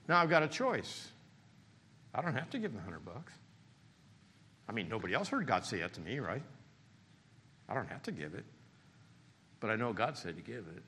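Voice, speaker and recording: A man pastor preaching a sermon in a church, swinging between animated emphasis and quiet, hushed appeals. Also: medium pitch, fairly quick, long pauses, husky, big-room sound. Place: church sanctuary.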